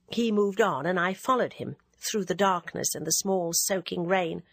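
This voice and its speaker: A woman narrating a classic novel as an audiobook reader, in a measured, even way. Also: lowish voice, dry recording.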